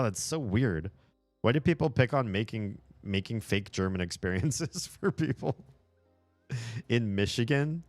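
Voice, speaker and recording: A man with a very low voice chats casually on a livestream. He is animated, laughs often and swears when frustrated. Soft music plays faintly in the background. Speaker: streamer.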